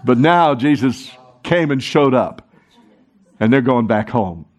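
A middle-aged man preaching a sermon, animated and urging the congregation to join in. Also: medium pitch, takes it slowly, some chatter behind. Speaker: pastor.

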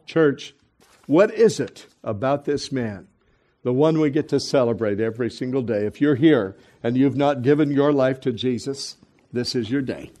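A man preaching to a church congregation, telling a story with lively acted-out voices, then dropping to soft, hushed tones. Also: medium pitch, normal speed. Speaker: pastor. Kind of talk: sermon storytelling.

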